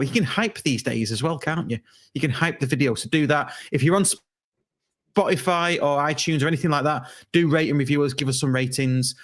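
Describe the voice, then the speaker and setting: Male podcast host, mid-range voice, relaxed and chatty, laughs easily. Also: medium pitch. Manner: chatty, laughing often, brisk sign-offs. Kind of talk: casual chat.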